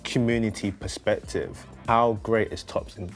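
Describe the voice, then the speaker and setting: Low-voiced male interviewer. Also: steady tone, unhurried, faint music behind. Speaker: interviewer host. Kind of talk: interview questions.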